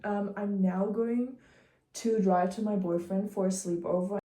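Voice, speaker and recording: A woman's voice: medium pitch, fairly even intonation, measured pace, loud music behind the voice. Chatty young German woman vlogger. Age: young adult. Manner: chatty, rambling, informal. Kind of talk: casual vlog chat.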